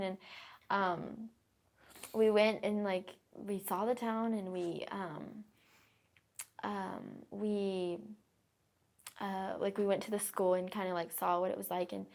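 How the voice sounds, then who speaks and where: A woman's voice: medium pitch, steady tone, slow pace, gravelly, pauses often, darkish tone. A young adult woman, a podcast guest, telling stories in a casual, chatty way with lots of fillers. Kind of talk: casual storytelling interview.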